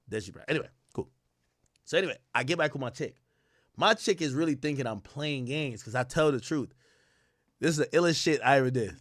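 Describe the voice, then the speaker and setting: A young adult man spins a personal story in loose, profane streamer talk. He jumps between loud bursts and low mutters and acts out the people he quotes. His voice sits fairly high, and it is recorded close and dry with no room sound. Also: gravelly, no room sound. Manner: animated, swears a lot, acts out quoted voices. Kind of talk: casual storytelling rant.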